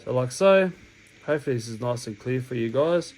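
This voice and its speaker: An Australian man who hosts a hobby channel, sniffly with a cold, walks through a hobby task step by step in a casual tutorial that rambles and keeps correcting itself. His medium-pitched voice is expressive, brisk and a little mellow. Recorded on a camera mic while he works, the low-quality audio has a bit of hiss or hum.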